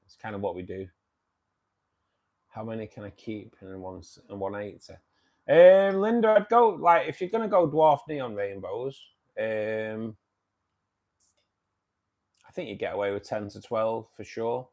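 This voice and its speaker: A man's voice: fairly low pitch, lively intonation, a little slow, pauses often, darkish tone. A man from the UK with a Manchester accent, hosting a casual livestream and chatting back to viewers' comments. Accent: Manchester English. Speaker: livestream host.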